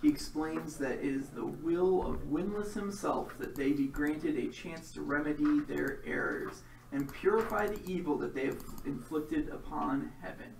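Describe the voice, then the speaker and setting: A man running a tabletop role-playing game as game master, with steady descriptive narration and quick rule calls. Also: a little high, vocal fry, slight background noise. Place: room with several players. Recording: roomy sound from a distant mic, crowd chatter.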